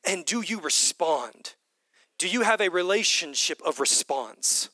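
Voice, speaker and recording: A male pastor delivers a lively sermon in a high, bright voice. He bursts out loudly at times and drops to near whispers at others. The sound is dry and close. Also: unhurried, no echo. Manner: animated, swings from loud bursts to hushed whispers. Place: church hall with congregation.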